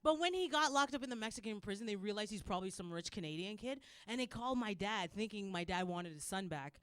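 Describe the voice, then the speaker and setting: A woman performing a stand-up comedy set, rambling and animated, with lots of "like". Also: medium pitch, quick pace, no room sound. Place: comedy club stage.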